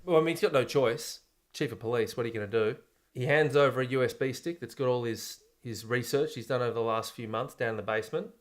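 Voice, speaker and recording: A young man co-hosting a comedy podcast, casually pitching a crude, joking movie plot. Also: fast talker. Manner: laid-back storyteller, crude jokes. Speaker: podcast co-host.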